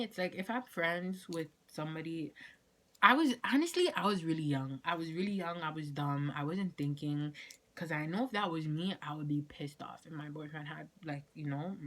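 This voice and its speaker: A young woman telling a casual storytime vlog, acting out quoted lines with whispers and laughter. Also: deep voice. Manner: animated, acts out quotes, frequent laughs and whispers. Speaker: vlogger.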